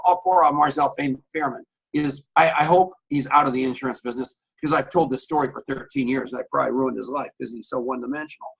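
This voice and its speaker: A middle-aged man who hosts a radio talk show spins an animated anecdote in a coffee shop, voicing each person in it. His voice sits a little high and has a gravelly, husky grain. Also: rough recording. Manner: animated anecdote telling, acting out both sides of a conversation. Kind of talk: storytelling on camera.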